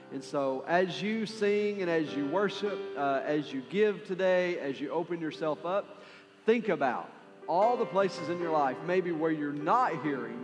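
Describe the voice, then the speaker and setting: A man with a West Texan accent, preaching a sermon as pastor with prayer and announcements, in an earnest, conversational way with plenty of fillers. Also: fairly high pitch. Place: large church sanctuary. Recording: long hall reverb with faint music.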